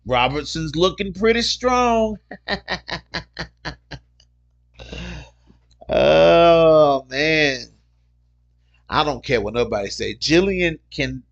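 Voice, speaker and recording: Excitable man hosting a fight-chat livestream. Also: on the high side, muffled recording. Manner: excitable, repeats himself, slangy. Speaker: MMA livestream host. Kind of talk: casual livestream chat reading viewer comments.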